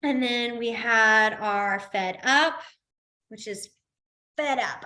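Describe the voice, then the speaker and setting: A woman's voice: fairly high pitch, slow, sharp tone. A woman teaching a beginners' class in a casual, chatty way, explaining with everyday examples and laughing easily. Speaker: sign language instructor.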